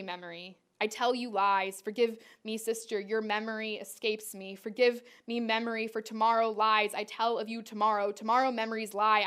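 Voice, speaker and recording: A woman's voice: on the high side, a bit bright, clean tone. A woman performance artist delivering spoken-word poetry in a rhythmic, incantatory way, repeating her refrains.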